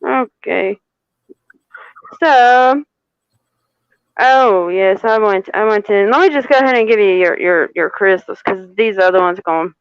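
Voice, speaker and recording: A woman's voice: medium pitch, a little slow, long pauses, smooth, no echo. A woman who is a tarot reader, chatting in a sassy, playful, teasing way during a live reading. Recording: dull, muffled mic.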